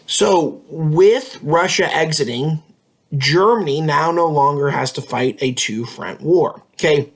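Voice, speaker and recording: In a slow, slightly high voice, a man gives a casual classroom history lecture, talking conversationally with plenty of fillers and tag questions.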